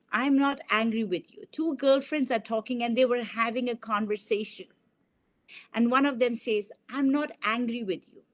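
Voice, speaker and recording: A woman lecturing on communication at a university, explaining a model step by step and illustrating it with examples. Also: on the high side. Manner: explanatory, gives examples with repeated sample sentences.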